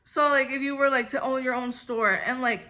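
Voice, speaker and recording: A woman's voice: sits high, steady tone, a little fast, sharp tone. A young woman telling a storytime vlog in a rambling, exasperated way, full of filler "like"s. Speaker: vlogger. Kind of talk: casual storytime monologue.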